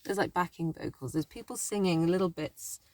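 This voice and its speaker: A woman's voice: lowish voice, moderate pace, background noise. A woman teaching a language lesson in a chatty, thinking-aloud way, often correcting herself as she explains. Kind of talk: casual spoken lesson.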